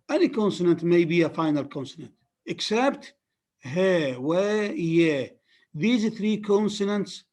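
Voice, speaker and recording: Arabic-accented man giving a lecture. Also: high voice. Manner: repetitive, emphatic teaching with many restarts. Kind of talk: phonetics lecture.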